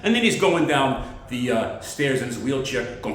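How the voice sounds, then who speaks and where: A man's voice: mid-range voice, animated, normal speed, hardly any pauses. A man doing a rambling, self-deprecating stand-up monologue as an amateur comedian. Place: outdoors on a pile of dirt. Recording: very echoey spot.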